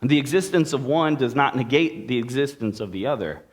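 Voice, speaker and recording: In a church sanctuary, a male pastor delivers a sermon in a middle-pitched voice. His delivery is brisk yet relaxed and conversational, with joking asides tossed to the congregation.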